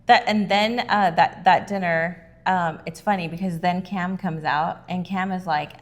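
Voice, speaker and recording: A woman's voice: lowish voice, steady tone, measured pace. A woman co-hosting a casual podcast, chatting agreeably and quoting her own reactions as she recaps a reality show. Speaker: podcast co-host.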